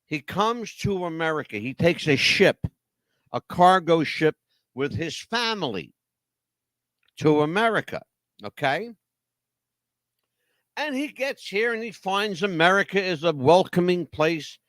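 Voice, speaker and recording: A man's voice: high-pitched, animated, unhurried, pauses often, a bit bright, dry recording, studio quality. A man hosting talk radio, telling a story dramatically with rhetorical questions. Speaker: radio host.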